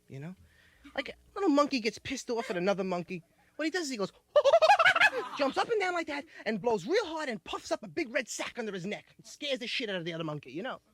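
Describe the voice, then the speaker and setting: High-voiced, rambling young stand-up comic. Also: male voice, a bit bright. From United States. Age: 20s. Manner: loose, rambling hipster slang, laughing as he talks. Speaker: stand-up comedian. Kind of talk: live stand-up comedy.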